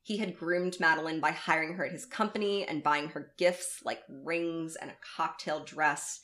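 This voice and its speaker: Low-voiced woman narrating, blunt and sweary. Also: fairly even intonation, normal speed, fairly bright tone. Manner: reads the story aloud, breaks in with blunt swearing. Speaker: podcast co-host. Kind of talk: narrating a true story in casual chat.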